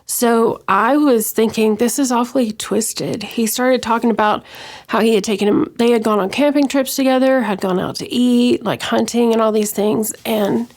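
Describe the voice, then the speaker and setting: A middle-aged woman from West Texas recounting her own story in an interview, hesitant with many pauses and restarts. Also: fairly high pitch, fairly even intonation, darkish tone. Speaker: interview guest. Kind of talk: personal account in an interview.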